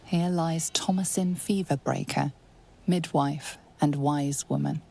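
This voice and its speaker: A woman voicing a dry game narrator who reads grave inscriptions in a deadpan, unimpressed way. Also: low-pitched, slow pace, vocal fry, husky, heavily acted. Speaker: game narrator reading tombstones.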